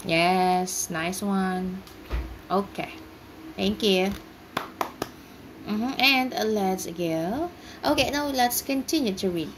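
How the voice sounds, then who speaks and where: A woman's voice: mid-range voice, slow pace, pauses often, background noise. A woman teaching an online English class, patiently explaining words and breaking them into syllables. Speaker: ESL teacher.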